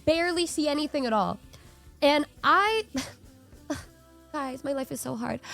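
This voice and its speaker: A young woman streamer telling a funny story to her chat in a casual way, lively, swearing and acting out what people said. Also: sits high. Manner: animated, swears, acts out quotes.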